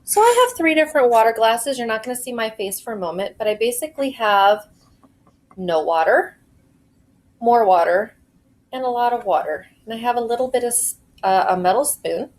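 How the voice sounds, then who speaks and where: A woman music teacher in her kitchen, giving slow, clear, encouraging instructions to young children in a home video lesson. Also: fairly high pitch, animated, rough recording.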